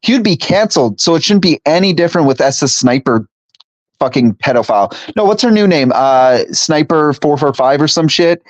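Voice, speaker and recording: A man's voice: on the high side, lively intonation, moderate pace, dry recording. A young man, stuffy from allergies, chatting casually and profanely on a live stream and reading chat aloud. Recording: dry, slightly dull home recording.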